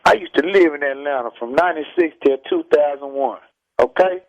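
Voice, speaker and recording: A man from Texas with a Texas accent, a rapper lecturing forcefully over the phone in a heated interview, repeating his points. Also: a little high, a little fast. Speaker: rapper guest. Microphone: telephone. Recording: muffled phone line.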